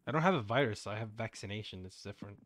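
A man's voice: on the low side, racing, fairly bright tone, no echo, studio quality. A young man streaming a game and chatting casually, playful and teasing. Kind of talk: casual gaming stream chat.

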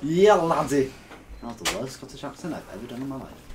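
A man giving casual gameplay commentary as a video host, jumping from quiet mumbles to loud excited outbursts. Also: mid-range voice, rapid-fire, noisy background.

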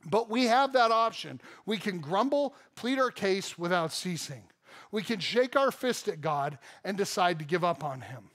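A man's voice: sits high, animated, normal speed. A man in his thirties, a pastor with a Midwestern American accent, preaching a conversational, joking sermon in a church auditorium. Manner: conversational, jokey preaching with sudden loud outbursts.

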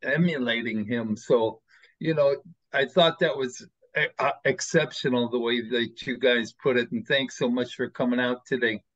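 A man's voice: mid-range voice, fairly even intonation, moderate pace, a bit bright, lo-fi sound. A man in the audience offering rambling, enthusiastic thanks during a Q&A. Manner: rambling, enthusiastic, many fillers. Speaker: audience member. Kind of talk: casual thanks in a Q&A.

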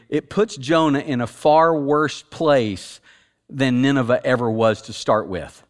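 A man, the senior pastor, preaching a sermon in a conversational way. He repeats words for emphasis and drops from loud, emphatic peaks to hushed, quiet stretches. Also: mid-range voice, animated, unhurried. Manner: repeats words for emphasis, casual fillers like "like" and "you know".

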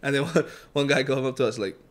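A man's voice: mid-range voice, fairly even intonation, fast, a crowd in the background. A young man from Hawaii with a Hawaiian Pidgin accent, co-hosting a casual podcast and telling stories with frequent laughter. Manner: laughs often while telling anecdotes. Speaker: podcast co-host. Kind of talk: casual chat.

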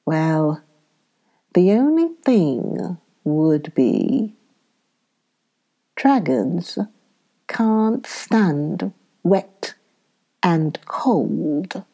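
A woman voicing a sleepy old male knight who talks slowly and drifts into whispers. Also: lowish voice, expressive, mellow, full character voice. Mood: drowsy. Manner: drowsy, slow, trailing into whispers.

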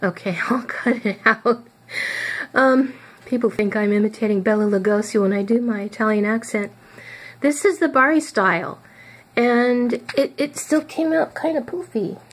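Chatty breathy woman vlogging her cooking. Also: fairly high pitch, normal speed. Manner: chatty, hesitant, trails off. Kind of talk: casual cooking vlog.

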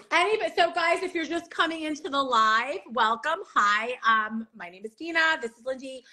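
A woman's voice: high voice, sharp tone. A woman with a New York Long Island accent hosting a casual live-stream chat, gushing and swearing freely, with lots of "like". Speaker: host.

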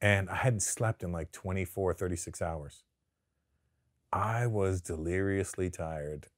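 Canadian-raised man guest, lowish voice, dry studio sound, loose profane storytelling. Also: a little slow, dry recording. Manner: profane, animated storyteller who acts out quotes. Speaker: guest comedian. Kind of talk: casual interview storytelling. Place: studio sit-down interview.

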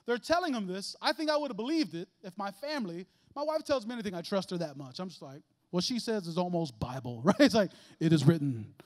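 A man preaching a lively, conversational sermon in a church, joking and acting out little voices and asides. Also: high voice, fast, hardly any pauses. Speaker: guest preacher. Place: church sanctuary.

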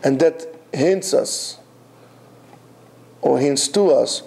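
A man's voice: mid-range voice, extremely slow, creaky, darkish tone. A man teaching a Torah class in a classroom, emphatic, repeating his phrases and asking rhetorical questions.

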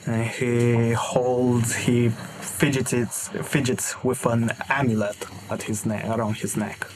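A man player slowly and haltingly describing his character at a tabletop game, correcting himself as he goes. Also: mid-range voice, flat delivery, slight background noise, rough recording. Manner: slow, halting, self-correcting.

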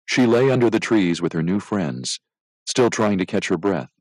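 A male teacher reading a children's story aloud to a class. His voice sits low but moves expressively up and down. The recording is dry and close. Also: animated, normal speed, darkish tone, dry recording, low-quality recording.

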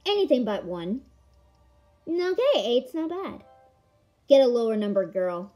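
A woman giving casual commentary on a board game she is playing, excitable, with melodramatic outbursts and playful taunting of her opponent. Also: fairly high pitch, unhurried, soft background music. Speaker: gamer filming a board game. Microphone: camera mic.

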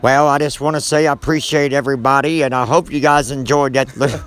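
A man's voice: medium pitch, fairly even intonation, quick pace, crowd noise, voice pushed down, natural voice. A man doing a blunt grumpy old man. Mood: folksy. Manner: gruff, folksy, mild cussing.

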